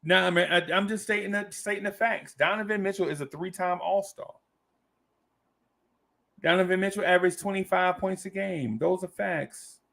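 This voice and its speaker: A man with a high voice and a gravelly edge hosts a loose live-stream chat. He reads viewer comments aloud, laughs easily and says lines twice for emphasis. The talk is playful and unscripted. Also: moderate pace, bright, forceful tone. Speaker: host of a fan talk stream.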